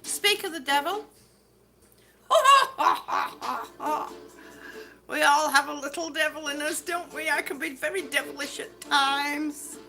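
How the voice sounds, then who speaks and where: This livestream vlogger talks casually as she walks, chatty and rambling, with frequent laughter, and she describes herself as a waffler. She speaks at normal speed with few pauses, her high-pitched voice fairly even in intonation and sharp in tone. There's music in the background.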